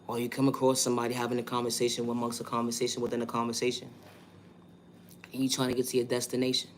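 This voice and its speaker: A man with a New York accent delivers a monologue vlog in an emphatic, repetitive style full of rhetorical questions. His medium-pitched voice is completely flat and quick, with a bit of hiss or hum in the background.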